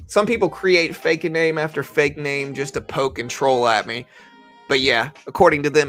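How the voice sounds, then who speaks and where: A man's voice: medium pitch, vocal fry, fairly bright tone. A man giving rambling, casual live-stream commentary on trading, talking to his viewers with lots of fillers. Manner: rambling, conversational, full of fillers.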